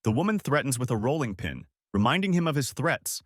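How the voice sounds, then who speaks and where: A man reading scripted narration as he recaps a comic story, in a steady storytelling manner. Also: medium pitch, a little fast, few pauses, dry recording, studio quality.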